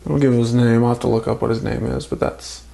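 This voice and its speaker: A man casually narrating a toy unboxing and build, calmly explaining each step. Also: medium pitch, fast, gravelly, background noise. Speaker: toy reviewer.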